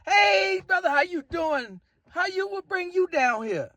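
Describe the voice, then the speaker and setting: A man putting on the voices of chatty, friendly women greeting him at a sports bar, in a high, excited voice. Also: measured pace, dry recording, full character voice.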